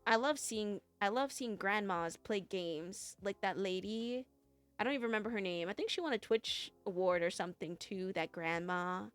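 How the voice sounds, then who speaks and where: A young woman VTuber chats casually with her viewers at a normal speed in a mid-range voice, with soft music in the background. She's playful and giggly, teasing herself as she goes.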